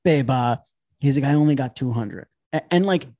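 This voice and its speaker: A man speaks briskly at a medium pitch while breaking down reality TV for a podcast, keeping it casual. Full of swearing and energy, he imitates the people in the stories he retells.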